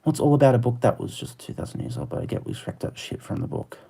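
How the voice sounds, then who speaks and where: A live streamer chatting with viewers and arguing back at their messages in fast rants full of "like", laughing often. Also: mid-range voice, animated, creaky, mellow, breathy edge. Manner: argumentative, fast rants with many "like" fillers; laughs often, easily amused.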